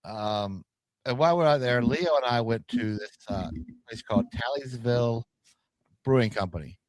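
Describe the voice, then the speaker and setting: Male co-host, relaxed and halting, dry close sound. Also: medium pitch, no room sound, poor audio. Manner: relaxed, hesitant with fillers. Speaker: podcast co-host. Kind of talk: casual podcast chat.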